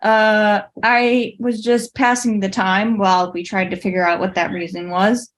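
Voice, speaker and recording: A woman's voice: medium pitch, steady tone, a little slow, natural voice. Casting: awkward, evasive young dwarf woman, played by a woman; hesitant and stammering.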